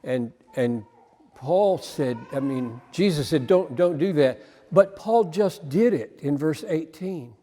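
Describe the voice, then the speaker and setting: A male preacher giving an impassioned, emphatic sermon, swinging between loud emphasis and quiet asides. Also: a little high, expressive, slow pace, long reverb tail.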